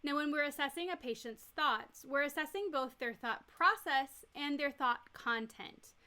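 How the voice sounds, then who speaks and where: Bright-voiced woman teaching nurses. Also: high-pitched, animated, normal speed. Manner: clear, step-by-step explaining with everyday examples. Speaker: nurse educator. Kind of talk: recorded teaching lecture.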